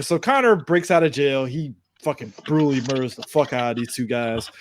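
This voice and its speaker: A man's voice: mid-range voice, fairly quick, a little hiss or hum. A man co-hosting a podcast, casually and profanely retelling a movie's plot. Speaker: podcast co-host. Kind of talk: casual chat.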